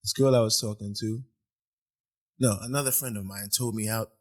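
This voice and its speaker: A man's voice: lowish voice, fairly even intonation, moderate pace. A man, a musician guest, telling stories in casual chat in an apartment, acting out quoted voices and laughing often.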